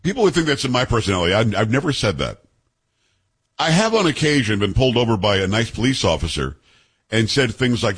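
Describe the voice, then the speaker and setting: A middle-aged man hosts a talk radio show with a husky, slightly breathy voice at an ordinary pitch. He rambles casually and cracks jokes into a close studio microphone. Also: big pitch swings, quick pace, fairly bright tone. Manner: chatty, joking, self-promoting. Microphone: studio broadcast mic.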